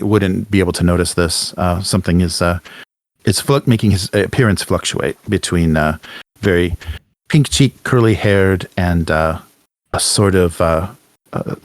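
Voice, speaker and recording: Man, game master, halting narration, lots of fillers, low pitch. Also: dry recording. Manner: halting, many fillers and restarts.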